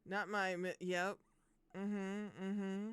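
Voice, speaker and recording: A young adult woman streaming games live, chatting casually with viewers, bubbly and quick to swear and laugh. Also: mid-range voice, flat delivery, a bit bright, clear, resonant tone, no echo. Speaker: game streamer.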